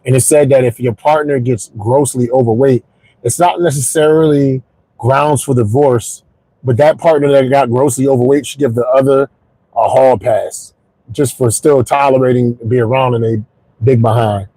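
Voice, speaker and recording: A man in his forties, a comedian hosting his podcast, telling jokes in a stand-up storytelling monologue with punchy, shouted punchlines, recorded in his car on the drive home. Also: medium pitch, steady tone, moderate pace, dry recording, rough recording. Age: 40s.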